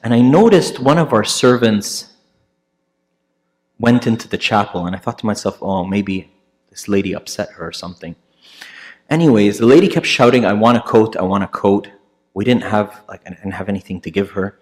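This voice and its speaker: A man, a priest, telling a story in a sermon, conversational, with many fillers and restarts, acting out the people he quotes in louder, higher voices. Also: lively intonation, moderate pace.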